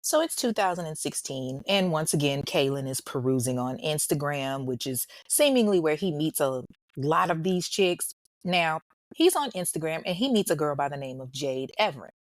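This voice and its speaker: Brief: woman storyteller, low-set voice, dry close sound, blunt and sarcastic asides. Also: animated, normal speed, no echo. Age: adult parent. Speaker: true crime storyteller. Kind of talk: casual storytelling commentary.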